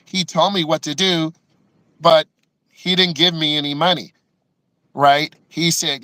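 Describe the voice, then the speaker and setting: A man's voice: fairly high pitch, fairly even intonation, a little slow, bright, forceful tone, no room sound, poor audio. A man, a driving instructor, telling personal stories in an emotional way and tagging many lines with "right?". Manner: emotional, acts out quotes with many "right?" asides. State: emotional, close to tears. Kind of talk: personal storytelling to the camera.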